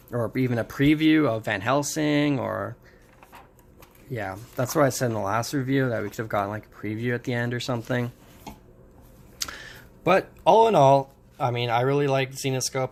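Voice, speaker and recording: Casual man reviewing a comic, halting. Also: medium pitch. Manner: halting, many fillers and restarts. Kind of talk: casual review, summarizing a plot.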